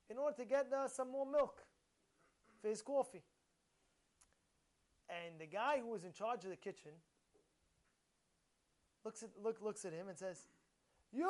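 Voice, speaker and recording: A man teaching a short Torah lesson, emphatic and animated, firing rhetorical questions and repeating himself. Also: high voice. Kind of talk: informal Torah talk.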